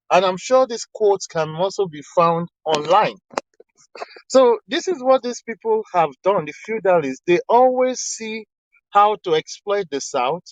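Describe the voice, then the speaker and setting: A man's voice: high-pitched, no room sound. A man in an online discussion room, earnestly quoting texts and arguing his point with frequent restarts. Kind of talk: casual argumentative talk quoting texts. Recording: slightly dull lo-fi online audio.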